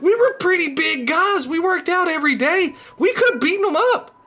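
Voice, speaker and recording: Bright-voiced young man telling a story. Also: very high-pitched, fairly quick. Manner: laughs through the story, swings from excited to hushed. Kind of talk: casual spoken storytelling.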